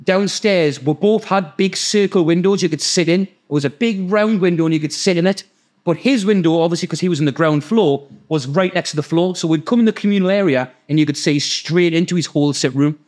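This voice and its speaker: A man with a Geordie accent, hosting a podcast and telling a story in a sweary, animated way. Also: a little high, fairly quick. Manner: sweary, animated, acts out the people in his stories. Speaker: podcast host. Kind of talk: casual storytelling.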